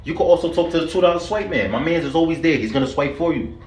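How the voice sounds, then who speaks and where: A man's voice: a little high, expressive, quick pace, a little mellow, echoey room. A young man from the Bronx with a New York accent, hosting a joking vlog full of street slang. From New York City, the Bronx. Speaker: vlogger host. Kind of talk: comedic vlog skits.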